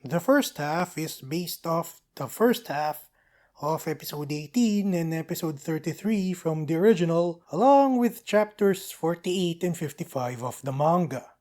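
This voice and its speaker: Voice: medium pitch, expressive, a little slow, a little mellow. Breezy anime recap narrator. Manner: breezy recap with slangy quips and asides. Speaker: anime reviewer. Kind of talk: casual episode recap narration.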